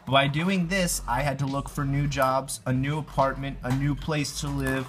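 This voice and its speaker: A man in his thirties narrating his life story over drawings, goofy and animated, with silly sound effects. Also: medium pitch, moderate pace.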